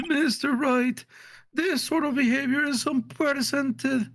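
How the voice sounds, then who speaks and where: A woman's voice: high voice, slow pace, dry recording, pitched above the performer's own voice. A woman voicing a stern, fussy old male judge in a courtroom game, reading his lines in a pompous, scolding way. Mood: exasperated.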